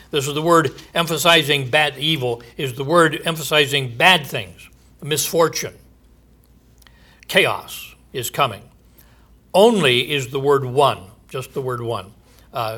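A man's voice: a little high, pushed and bright. A man preaching a sermon, reading Bible verses aloud and explaining them conversationally. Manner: reads scripture aloud, then explains it conversationally.

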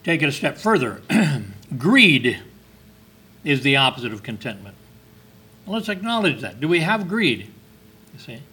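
Husky, bright-voiced male preacher. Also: mid-range voice, big pitch swings, measured pace, long pauses. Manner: conversational preaching with rhetorical questions and emphatic lifts; reads scripture in King James wording. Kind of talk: sermon.

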